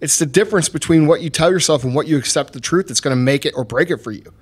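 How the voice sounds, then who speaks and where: A man's voice: fairly high pitch, fast, husky. A man hosting a podcast, talking in a blunt, profane and emphatic motivational way. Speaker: podcast host.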